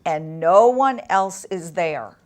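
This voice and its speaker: Low-voiced woman telling her story, emotional. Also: expressive, darkish tone. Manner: emotional, halting, with long pauses. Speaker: interview guest. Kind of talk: personal storytelling in an interview.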